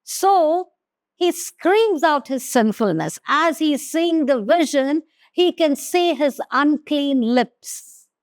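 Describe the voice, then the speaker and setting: Woman Bible teacher, measured and deliberate, reads verses then unpacks them, slightly high voice. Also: lively intonation, dry recording, clean studio sound. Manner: reads scripture aloud, then explains it slowly with emphasis. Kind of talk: slow devotional Bible teaching.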